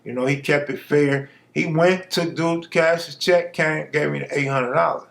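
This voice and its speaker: A man's voice: a little high, fairly even intonation, normal speed, gravelly, fairly bright tone. A man from Los Angeles telling a true street story in a laid-back, slangy, conversational way.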